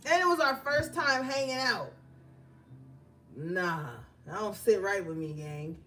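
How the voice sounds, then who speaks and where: A woman's voice: mid-range voice, lively intonation, measured pace, pushed and bright, soft background music. A woman doing a casual tarot reading, blunt and profane, telling stories between the cards she draws. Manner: blunt, profane, conversational with slang. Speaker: tarot reader.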